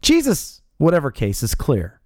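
A man preaching an expository sermon, emphatic and asking rhetorical questions, slowing down to stress key words. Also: a little high, huge pitch swings, darkish tone, dry recording, studio quality.

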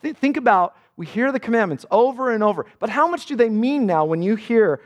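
Animated high-voiced male preacher. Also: brisk, hardly any pauses. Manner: animated preaching, voicing scripture dramatically. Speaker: pastor. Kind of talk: sermon.

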